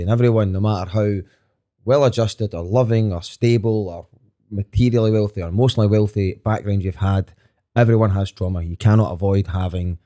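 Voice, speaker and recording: A man's voice: fairly low pitch, mellow. A Scottish comedian in his thirties, talking as a podcast guest in a frank, earnest way, telling stories and swearing casually. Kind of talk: candid conversational storytelling.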